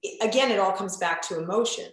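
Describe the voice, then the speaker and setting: A woman relationship coach talks bluntly and emphatically on a podcast, sometimes swearing. Her voice sits at a middle pitch. She is recorded in a heavily echoing room. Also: quick pace. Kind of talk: candid podcast conversation. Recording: very echoey room.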